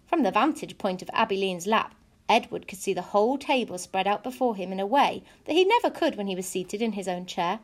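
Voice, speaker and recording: A woman narrating a children's audiobook in an expressive, measured storytelling voice. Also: medium pitch.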